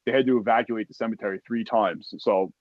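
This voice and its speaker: A man telling a war story in a casual, profane, animated way, acting out the voices of other people as he goes. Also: lowish voice, a little fast, no echo, highs cut off. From United States. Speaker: podcast guest, army veteran.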